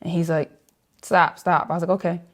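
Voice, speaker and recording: A young woman, a saxophonist being interviewed, telling stories in an animated way, laughing often and acting out the voices of the people in them. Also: on the low side, a little fast. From New York. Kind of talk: animated storytelling with acted-out quotes.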